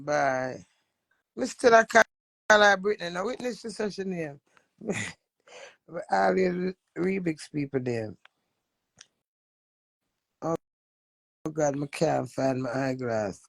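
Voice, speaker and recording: Jamaican woman, gravelly voice, brash and swearing, casual live-stream rant. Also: lowish voice, no echo. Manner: brash, swearing, talks back to viewers.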